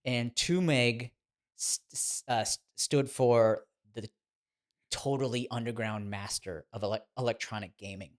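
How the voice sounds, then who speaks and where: A man in his thirties, a podcast guest, telling stories in a chatty, animated way and laughing as he goes. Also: mid-range voice, measured pace. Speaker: guest, former child actor turned boxing trainer. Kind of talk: casual podcast storytelling.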